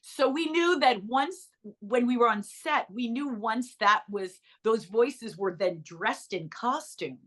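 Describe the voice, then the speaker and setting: A middle-aged woman, an actress and author, telling stories in a bubbly interview chat with quick asides. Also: a little high, expressive, a bit bright.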